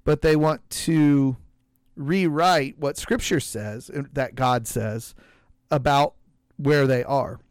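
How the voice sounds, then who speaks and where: A man hosting a casual religious podcast discussion, speaking in a measured way with frequent restarts and reading scripture aloud. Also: mid-range voice, clear, resonant tone, no room sound. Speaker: podcast host.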